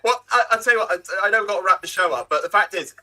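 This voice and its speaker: A man on a live panel, telling a quick, expressive anecdote in casual chat. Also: sits high.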